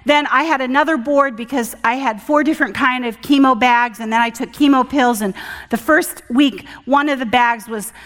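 A middle-aged woman giving a sermon with personal testimony, earnest and emphatic, moving from loud emphasis to hushed tones. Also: a little high, big-room sound. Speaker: guest speaker at church session. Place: church hall.

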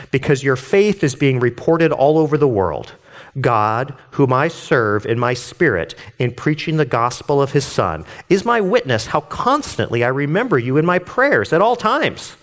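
A man reading scripture aloud and explaining it in a casual, earnest way, sometimes getting worked up. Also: medium pitch. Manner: reads scripture then explains it conversationally. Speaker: Bible teacher. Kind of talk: devotional Bible reading and commentary.

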